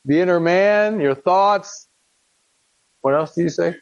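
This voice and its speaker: A man's voice: high voice, slow pace, dry recording. Man preaching through scripture, dull dry sound. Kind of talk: Bible teaching.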